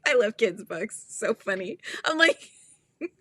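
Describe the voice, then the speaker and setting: Female livestream host with a bright, crisp, somewhat high voice, giggly and chatty. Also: very animated, a little slow, no echo. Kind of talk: casual livestream chat while crocheting.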